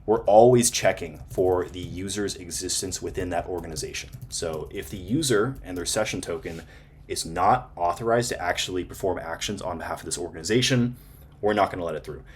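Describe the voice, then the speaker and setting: A man's voice: low voice, husky. A man hosting a programming tutorial, casually talking through code on screen and often checking in with "right?". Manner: casual, fillers and repeated "right?" tags. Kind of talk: screen-share coding walkthrough.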